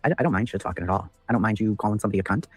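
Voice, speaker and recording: Male livestream host, rapid and husky, profane and ranting, reads out chat names. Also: lowish voice, no room sound, soft background music. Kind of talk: casual livestream commentary.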